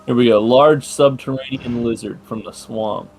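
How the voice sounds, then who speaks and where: A man's voice: medium pitch, fairly even intonation, normal speed, a little mellow, faint music behind. A man playing a tabletop game, talking casually and joking. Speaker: player.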